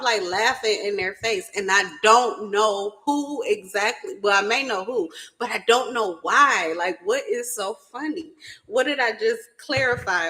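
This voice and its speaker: A woman's voice: medium pitch, fairly bright tone, low-quality recording. A woman doing a casual spiritual reading who keeps breaking into laughter and talks bluntly, swearing freely. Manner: blunt and profane. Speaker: spiritual reader. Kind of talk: casual tarot reading chat.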